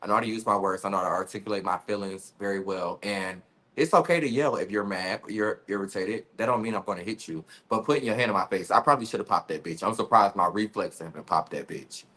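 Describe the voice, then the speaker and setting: A man with a low voice talks as an interview guest. He is blunt and candid, drops slang and laughs often while he tells his side. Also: fast, pushed and bright. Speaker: reality show cast member, guest. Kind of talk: casual interview chat.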